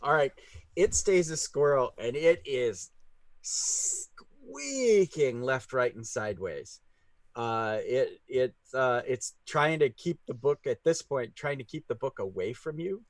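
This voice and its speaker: A man narrating as game master, talking haltingly with many fillers and laughing easily, over a video call. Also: mid-range voice, lively intonation, dry recording.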